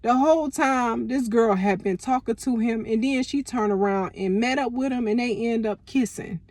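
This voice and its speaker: Animated, profane woman telling a story. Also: fairly high pitch, normal speed, no room sound, clean studio sound. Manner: animated, profane, lots of slang. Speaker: storytime vlogger. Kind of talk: casual storytelling.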